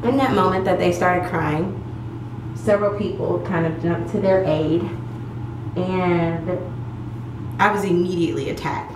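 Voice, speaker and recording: A woman's voice: lowish voice, fairly even intonation, unhurried, pauses often. A woman in her thirties telling a personal story to camera in a candid, emphatic way. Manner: candid, emphatic, acts out quoted voices. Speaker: vlog host. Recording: echoey room with clear background noise.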